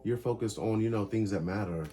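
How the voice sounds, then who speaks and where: A man's voice: on the low side, fairly quick, mellow, faint music behind. A man giving a casual tarot reading, calling out cards in short emphatic bursts. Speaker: tarot reader.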